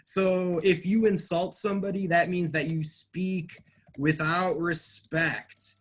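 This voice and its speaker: Patient man teaching English, slow delivery. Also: high voice, fairly even intonation. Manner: patient, clear explaining with encouraging praise. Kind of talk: online class recap.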